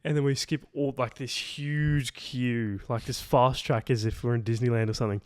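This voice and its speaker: A man's voice: medium pitch, steady tone, normal speed, dry recording. A young man co-hosting a podcast tells a long travel story in a loose, rambling way. He fills his sentences with "like" and swears casually. His voice sits mid-range and sounds dry and close, with no room around it. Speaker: podcast co-host. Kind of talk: casual chat.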